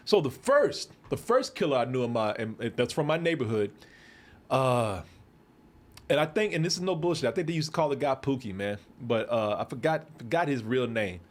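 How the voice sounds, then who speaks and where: A man's voice: mid-range voice, moderate pace. A middle-aged man from Texas, the host, telling stories in casual chat and acting out the voices of the people in them. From Waco, Texas. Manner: animated, acts out voices in his stories, laughs often.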